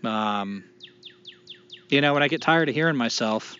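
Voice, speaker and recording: A man's voice: mid-range voice, expressive, moderate pace, sharp tone, clean tone. Rambling man on a lo-fi podcast. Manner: rambling, profane, self-deprecating. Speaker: podcast co-host. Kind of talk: casual podcast chat. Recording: dull lo-fi podcast recording.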